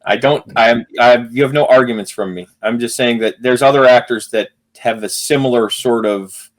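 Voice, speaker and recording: Male podcast co-host, mid pitch, patient and measured in banter. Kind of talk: casual chat.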